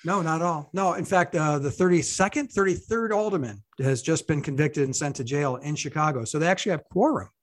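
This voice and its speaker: A man's voice: on the high side, a little fast, hardly any pauses. A man co-hosting a political podcast, chatting casually and joking, often laughing. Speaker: podcast co-host.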